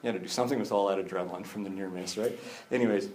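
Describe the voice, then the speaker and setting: A man preaching a conversational sermon, animated, with jokey asides and acted-out bits of dialogue. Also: low-pitched, very fast, slight background noise. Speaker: pastor.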